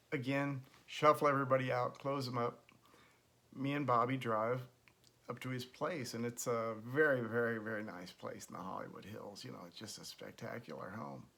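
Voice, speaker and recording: Gravelly man telling a story. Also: medium pitch. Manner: animated storyteller acting out quoted voices. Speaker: host. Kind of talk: casual storytelling.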